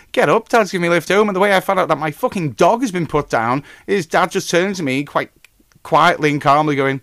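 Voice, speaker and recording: A man hosting a podcast in casual chat, rambling through news and stories, swearing freely and getting loud and animated when telling an anecdote. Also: a little high, a little fast, dry recording. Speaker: podcast host.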